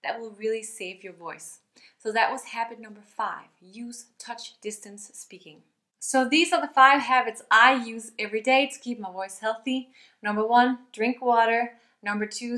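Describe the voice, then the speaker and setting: A young woman teaching vocal health in a lively, upbeat way, talking straight to her viewers. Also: a little high, roomy sound. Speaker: singing teacher.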